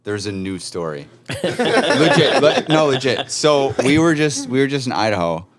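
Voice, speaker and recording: A man's voice: medium pitch, sing-song, moderate pace, a loud crowd. A man co-hosting a podcast, talking in an easygoing, chatty way. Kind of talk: casual chat.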